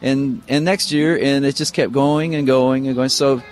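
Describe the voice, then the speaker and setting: A middle-aged man from Missouri, a guitarist guest, telling relaxed, rambling stories full of fillers in an interview. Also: medium pitch, normal speed, slight background noise. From Missouri, United States. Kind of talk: casual interview storytelling. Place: radio studio.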